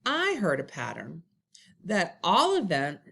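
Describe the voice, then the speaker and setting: A woman leads a recorded phonics lesson for first graders. She talks extremely slowly, stretching her words in a sing-song way. Her pitch rises and falls a great deal, like a teacher coaxing young learners. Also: huge pitch swings, gravelly, a bit bright. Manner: slow, drawn-out, sing-song teacher talk. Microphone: computer recording.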